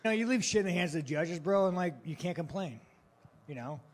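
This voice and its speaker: A man's voice: high-pitched, animated, fast. A man answering reporters at a post-fight press conference, blunt, profane and provocative, mocking and laughing at his own jokes.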